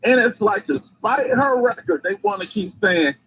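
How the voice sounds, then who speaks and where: A man calling in to a talk show, speaking in a quick, casual and exasperated way. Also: sits high, lively intonation, a bit bright, slight background noise, low-quality recording. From Phoenix. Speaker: caller. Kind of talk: call-in talk.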